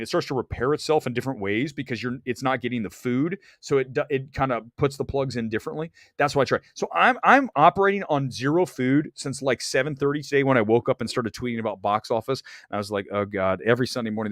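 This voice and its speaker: A man's voice: mid-range voice, quick pace, a bit bright, dry recording, studio quality. A man hosting a live movie-talk stream, blunt and opinionated, rambling and restarting as he goes. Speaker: livestream host. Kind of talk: animated live-stream chat.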